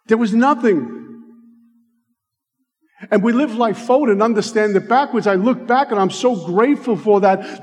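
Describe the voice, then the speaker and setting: High-voiced man in an echoing hall. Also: a little mellow. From United States. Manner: heartfelt, slows down for emphasis. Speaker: recovery speaker. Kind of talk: personal testimony talk. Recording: long reverb of a hall.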